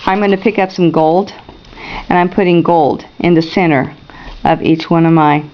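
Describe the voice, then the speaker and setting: Woman painting teacher, gentle step-by-step talk, lower voice, muffled lo-fi recording. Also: fairly even intonation, moderate pace. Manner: gentle, narrates each brush stroke, checks in with viewers.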